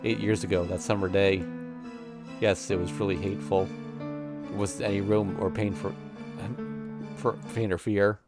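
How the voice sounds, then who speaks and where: A man's voice: fairly low pitch, level tone, normal speed, long pauses, over music. A man streaming, reading a visual novel aloud in an intense, emotional first-person narration.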